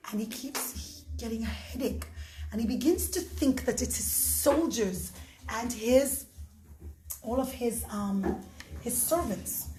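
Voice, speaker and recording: High-voiced woman telling a children's story. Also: slow, slight background noise. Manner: expressive, addresses the children often. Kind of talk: animated storytelling. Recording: echoey room.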